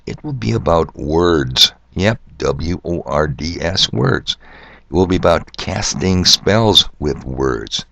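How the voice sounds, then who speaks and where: A man's voice: low-pitched, expressive, takes it slowly, vocal fry, a bit bright, dry recording. An older man hosting a solo podcast monologue, rambling and sardonic, asking rhetorical questions and spelling words out letter by letter. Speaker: podcast host.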